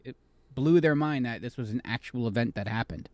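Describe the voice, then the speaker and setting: A man's voice: mid-range voice, a little fast, no echo. A man co-hosting a podcast, chatting in an easygoing, casual way. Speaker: podcast co-host. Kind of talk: casual chat.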